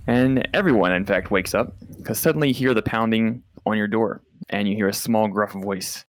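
Deep-voiced man narrating as game master. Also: fairly quick, no echo. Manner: vivid, descriptive, with casual fillers.

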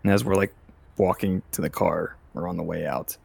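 A man's voice: low voice, fairly even intonation, fairly quick, creaky, a little mellow, slightly rough. A man describing his moves offhandedly as a player in a tabletop game, with many fillers. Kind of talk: casual tabletop play.

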